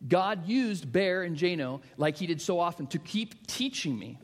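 A man's voice: sits high, lively intonation, normal speed. Man preaching in an echoing hall. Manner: storytelling, swings from hushed to emphatic. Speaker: pastor. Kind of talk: sermon. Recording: long reverb of a large hall.

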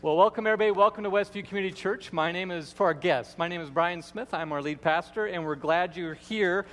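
A man's voice: high voice, fast, fairly bright tone, slight background noise. A man who is the lead pastor, giving a sermon in a church with folksy, playful storytelling. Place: church sanctuary. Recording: long hall reverb.

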